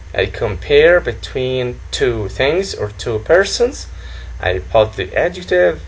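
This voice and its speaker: A man's voice: mid-range voice, slightly rough, rough recording. A man teaching a grammar lesson, who repeats phrases and keeps saying "okay". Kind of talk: slow classroom lesson.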